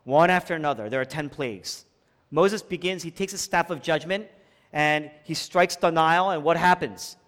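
A male pastor preaching a sermon, swinging between ringing shouts and hushed, intimate lines, with many rhetorical questions. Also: on the high side, normal speed. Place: church sanctuary. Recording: long hall reverb.

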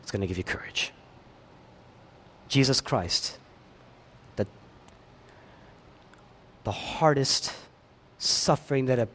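A pastor preaching a sermon, swinging between loud emphatic lines and hushed ones, with chatty asides to the congregation. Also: male voice, medium pitch, husky.

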